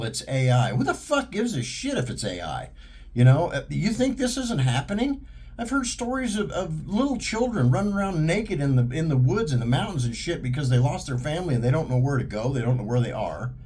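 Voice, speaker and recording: A man's voice: a little high, darkish tone, breathy edge. A man delivering a heated, profane monologue in a blunt, ranting manner. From United States. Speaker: vlogger. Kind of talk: monologue to camera.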